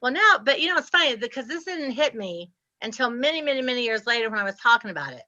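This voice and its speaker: Bright-voiced woman in her sixties. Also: a little high, fast talker. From Ohio, US Midwest. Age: 60s. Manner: animated, laughs often, acts out her past self. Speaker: guest. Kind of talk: casual storytelling interview. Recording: slightly muffled lo-fi audio.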